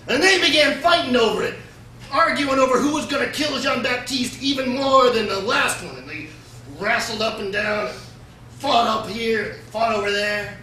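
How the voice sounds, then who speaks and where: A man telling a folksy tall tale to a live audience in a deadpan, mock-solemn manner. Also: very high-pitched, moderate pace. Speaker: storyteller. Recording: echoey room, distant mic, noisy.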